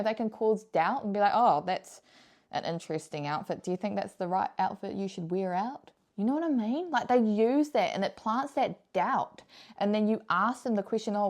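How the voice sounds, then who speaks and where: A woman's voice: medium pitch, mellow. A young woman giving frank, casual advice to camera, blunt and emphatic, swearing freely and repeating her key points. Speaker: vlogger.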